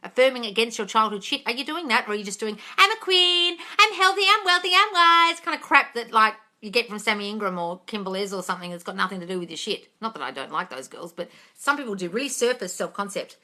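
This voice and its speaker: A woman's voice: fast talker, hardly any pauses. A woman hosting a live manifesting Q&A over a phone, answering viewer comments bluntly, swearing freely and calling people darling. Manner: animated, swinging between loud emphasis and low asides.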